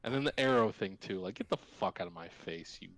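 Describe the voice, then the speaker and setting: A man's voice: on the low side, expressive, fast talker, fairly bright tone, rough recording. A man co-hosting a casual sports betting podcast, ranting with heavy profanity. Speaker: podcast co-host.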